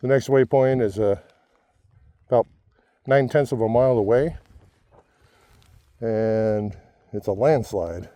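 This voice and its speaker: A man's voice: mid-range voice, slow, long pauses, mellow, dry recording. A man talking casually while hiking a desert trail, out of breath and joking at his own expense. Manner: chatty, self-deprecating. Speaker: vlogger.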